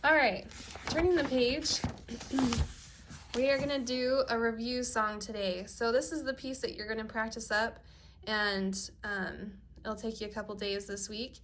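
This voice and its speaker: A woman's voice: a little high, fairly even intonation, unhurried, a bit bright, slight background noise. A woman teaching a piano lesson on video, explaining step by step and checking in with "okay?" as she goes. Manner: patient step-by-step explaining, asks "okay?" often. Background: piano playing.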